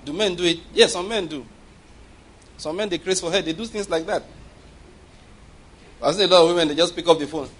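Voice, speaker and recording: A man's voice: on the high side, fairly quick, long pauses. A man preaching a sermon, who keeps checking in with the congregation and acts out little voices to make his points. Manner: animated preaching with call-and-response checks and acted-out voices. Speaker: pastor.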